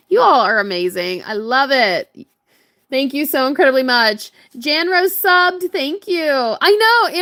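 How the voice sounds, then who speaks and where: A woman's voice: sits high, a bit bright. A young woman hosting a crafting livestream, chatting casually and giggling as she greets viewers by name. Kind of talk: casual live-stream chat.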